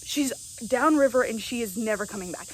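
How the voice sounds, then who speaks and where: A young woman with a slightly high voice tells a story straight to camera. She talks casually and stays animated, often tossing in "right?". There is a faint hiss in the background. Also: fairly quick, rough recording. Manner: animated, keeps asking "right?". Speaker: vlogger.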